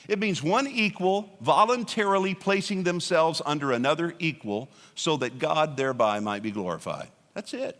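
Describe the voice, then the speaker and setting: A man's voice: a little high, a bit bright. A middle-aged male pastor preaching a sermon in a church, conversational, joking, with stammered restarts. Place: church auditorium. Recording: long hall reverb.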